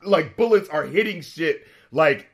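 A man with a slightly higher voice talks through a film scene by scene, swearing freely and laughing often. His delivery is loose and animated, like a podcast co-host chatting with a friend. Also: measured pace. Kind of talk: casual movie review chat.

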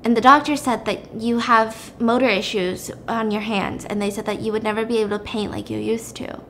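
A woman's voice: fairly high pitch, fairly even intonation, a little fast, fairly bright tone, slight background noise, close to an everyday voice. A woman voicing a husband who explains away his lies, hesitant and pleading. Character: husband, soft-spoken, excusing his lies.

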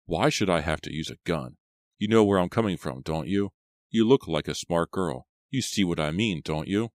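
An unstable young man mutters and rambles with quiet menace, as a deep-voiced audiobook narrator plays him. The voice sits very low and close. There is no room sound. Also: animated, moderate pace, no room sound. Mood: rambling.

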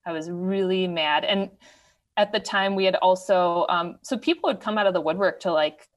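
Woman guest from Wisconsin, candid storyteller, lowish pitch. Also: normal speed. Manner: candid, animated storytelling with quoted asides. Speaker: podcast guest. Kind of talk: casual storytelling interview.

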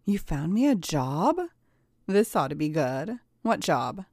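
A woman's voice: low voice, sing-song, slow, darkish tone, no echo, studio quality, full character voice. A woman voicing a flustered young male executive who answers with defensive, sarcastic retorts.

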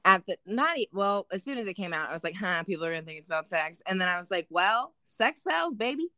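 A woman's voice: on the low side, rapid-fire, no echo, studio quality. A young woman hosting a podcast, telling stories animatedly and swearing freely. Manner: swears a lot, animated storytelling. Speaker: podcast host. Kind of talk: casual podcast chat.

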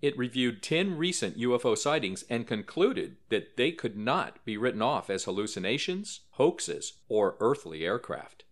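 A man's voice: mid-range voice, sing-song, normal speed, hardly any pauses. A man narrating a documentary-style story in a scripted, dramatic way, lifting his voice for quoted lines.

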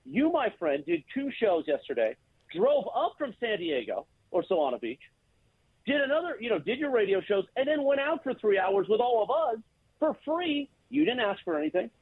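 Animated man on a tinny phone line. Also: very high voice, moderate pace, husky, no echo. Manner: animated, teasing, mock-grand praise. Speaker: radio show regular calling in. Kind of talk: casual sports radio banter.

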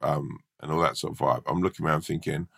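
A hungover male stand-up comedian from Britain, telling a sweary, animated anecdote in casual chat. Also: extremely low pitch, fast, creaky, slightly rough.

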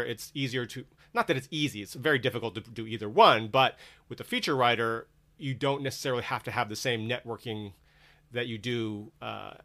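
Bright-toned male interview host. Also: medium pitch. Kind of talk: interview questions, reading listener questions.

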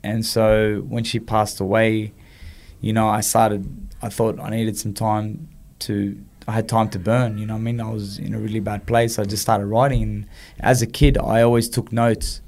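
Animated man telling his story. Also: fairly low pitch, normal speed. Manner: animated storyteller, acts out quoted dialogue. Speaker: guest, former boxer. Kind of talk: storytelling interview chat.

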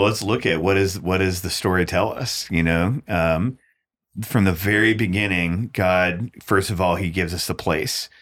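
A podcast co-host with a low voice and fairly bright tone talks through a Bible passage in a casual discussion. His approach is thoughtful and reflective.

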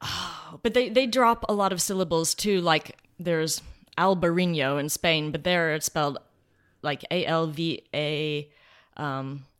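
A woman's voice: sits low, a little slow, fairly bright tone, clear, resonant tone. A woman hosting a wine podcast in a playful, rambling, self-mocking chat. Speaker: podcast host and wine expert. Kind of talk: casual chat.

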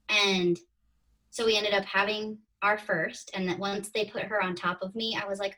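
Brisk and a bit bright, with a steady tone and medium pitch, a woman in her thirties chats through her story as a podcast guest. She acts out her own past thoughts in this casual interview storytelling, recorded from a distance from the mic.

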